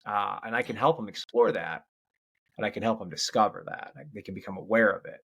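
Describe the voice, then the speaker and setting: Gravelly-voiced man telling stories. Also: fairly low pitch, fairly quick, fairly bright tone. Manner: rambling, with many restarts and "right?". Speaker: podcast guest, change coach. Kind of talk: casual storytelling in an interview.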